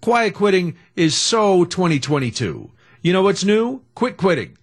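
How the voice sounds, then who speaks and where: A middle-aged man, hosting a casual radio talk show in an animated, jokey, opinionated way. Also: high voice, measured pace.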